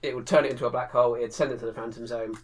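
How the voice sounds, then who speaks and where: A man co-hosting a casual podcast. He talks in a lively, animated way, laughs easily and slips into playful voices. His voice sits at an ordinary middle pitch. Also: rapid-fire, slight background noise. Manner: animated, laughs often, acts out lines. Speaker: podcast co-host. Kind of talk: casual chat.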